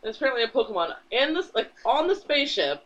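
High-voiced man rambling through a comic recap. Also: very animated, quick pace, a loud crowd. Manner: rambling, swears freely, acts out characters in passing. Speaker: podcast co-host. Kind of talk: casual chat, recapping a comic. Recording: dull lo-fi recording.

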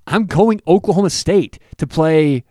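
Opinionated fairly high-voiced male co-host. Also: darkish tone, dry recording, clean studio sound. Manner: opinionated, self-deprecating, quick asides. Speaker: sports betting show co-host. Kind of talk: casual sports chat.

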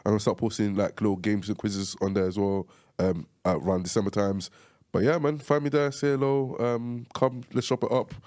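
A man's voice: fairly low pitch, fairly even intonation, a little fast, a little mellow. A man who is a podcast guest, chatting casually in a laid-back way with slang like "bro.". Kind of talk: casual chat.

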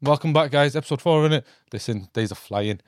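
A young man co-hosting a casual podcast, animated and excitable, often laughing. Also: medium pitch, fairly quick, no room sound, clean studio sound. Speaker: podcast co-host.

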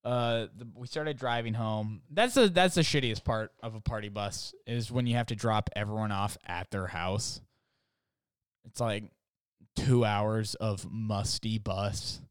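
A man's voice: on the low side, a little slow, clean tone, no echo, studio quality. A young adult man telling comic stories in a rambling, casual way, full of "like" and swearing, acting out what other people said. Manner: rambling, full of "like", profane, acts out others' lines.

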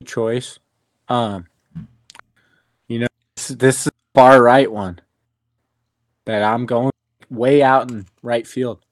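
A man co-hosting a casual podcast over a remote call, making crude, halting remarks. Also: medium pitch, fairly even intonation, no echo. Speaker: podcast co-host. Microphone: remote call with a dropping connection.

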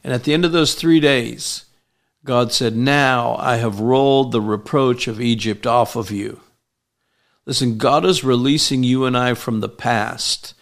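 Gravelly-voiced man preaching emphatically. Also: medium pitch, a little slow. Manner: emphatic preaching, rising loud on key phrases. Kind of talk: sermon.

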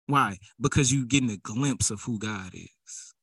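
A man's voice: mid-range voice, unhurried, a bit bright, breathy edge, no room sound. A man preaching a sermon in a casual, conversational way that builds into fervent exhortation.

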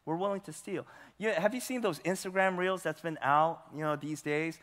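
A man's voice: fairly high pitch, normal speed, fairly bright tone. A male pastor preaching a sermon with emphasis, putting rhetorical questions to his congregation. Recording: long hall reverb.

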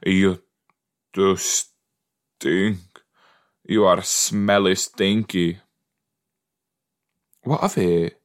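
A man's voice: low-pitched, fairly even intonation, extremely slow, long pauses, smooth. A man hosting a podcast, giving casual, playful reaction commentary while watching a show and laughing easily. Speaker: podcast host.

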